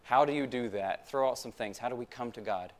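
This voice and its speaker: A man's voice: mid-range voice, fairly quick. A man preaching a sermon in a church, talking conversationally, asking the congregation rhetorical questions and repeating phrases for emphasis. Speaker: pastor.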